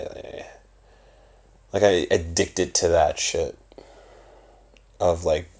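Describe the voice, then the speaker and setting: Young male vlogger, deep gravelly voice, profane, rambling, loud then mumbling. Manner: profane, animated, swings between loud and mumbled. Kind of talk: casual rambling monologue.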